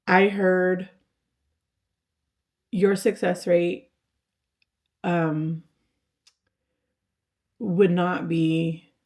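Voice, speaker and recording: Woman, thirties, personal vlog, halting, gravelly, mellow tone. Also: lowish voice. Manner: halting, with many fillers and restarts. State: tearful, voice breaking at times. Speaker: vlogger. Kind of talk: personal vlog, talking to camera.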